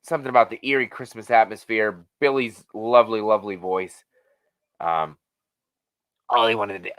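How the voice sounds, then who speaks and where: A man with a lowish, brisk voice hosts a casual live-stream Q&A, reading the chat as he rambles, swears freely and stays animated.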